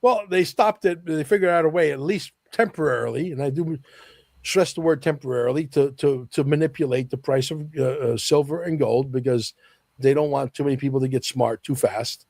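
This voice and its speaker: A man's voice: mid-range voice, brisk, darkish tone, no echo, clean studio sound. A man talking as a podcast guest in a casual conversation, speaking with emphasis and repeating his key phrases to drive them home.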